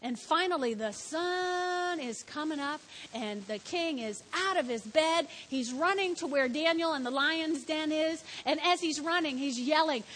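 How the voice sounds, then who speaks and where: Lady preacher, high bright voice, big echoey hall, gets real animated. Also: unhurried, few pauses. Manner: animated storytelling, shouts in acted quotes. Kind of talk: sermon.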